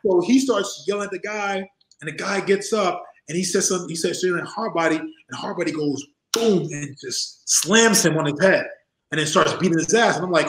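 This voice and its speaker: A man in his forties, an interview guest telling stories in a lively, laughing way and acting out the voices of people in them. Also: fairly high pitch, a little fast, reverberant, rough recording. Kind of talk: casual storytelling in an interview. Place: home room.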